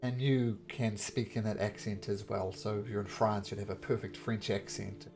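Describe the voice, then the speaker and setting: A man's voice: lowish voice, fairly even intonation, moderate pace. Man game master, mixed New Zealand and North American accent, amused and chatty, faint music behind. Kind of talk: casual chat.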